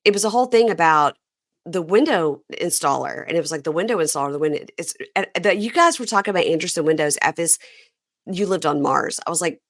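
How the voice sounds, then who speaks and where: A woman hosting a podcast in casual chat, with a vocal fry, telling stories and acting out what others said. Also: on the low side, fast, no echo, clean studio sound. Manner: animated storytelling, acts out quotes. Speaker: podcast host.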